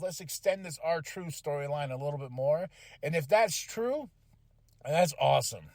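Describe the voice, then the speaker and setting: A man's voice: fairly high pitch, no room sound, studio quality. A man hosting a podcast, casually recapping a wrestling show, swearing freely and acting out the wrestlers' lines. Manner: animated, swears freely, acts out quotes. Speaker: podcast host.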